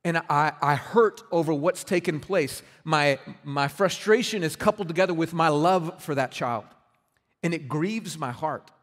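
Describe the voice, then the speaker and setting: A man's voice: fairly high pitch, unhurried, a bit bright. A man preaching a sermon as pastor, earnest and conversational, often restarting his words. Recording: reverberant hall.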